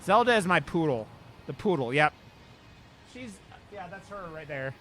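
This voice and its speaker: A man's voice: fairly high pitch, expressive, moderate pace, pauses often, background noise. A man chatting casually on a live stream while he plays a video game, talking straight to his viewers by name. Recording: game music playing under the voice.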